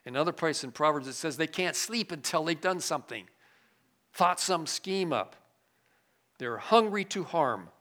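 Older male pastor, bright, fairly high voice; sermon delivery with sharp swings between emphasis and hush. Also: expressive, normal speed. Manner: swings from loud emphasis to quiet asides.

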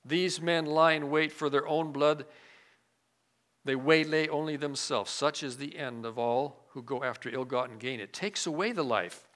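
A male pastor preaching a sermon, swinging from loud emphatic lines to quiet, low asides. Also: moderate pace.

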